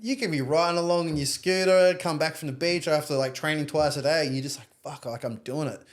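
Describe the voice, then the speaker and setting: Australian man, swearing storyteller. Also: a little high. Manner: swearing, storytelling, quick slang. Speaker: guest. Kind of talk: casual chat.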